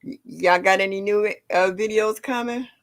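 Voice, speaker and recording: An older woman hosting a casual gardening livestream, greeting viewers by name and chatting warmly. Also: medium pitch, steady tone, normal speed. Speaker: livestream host.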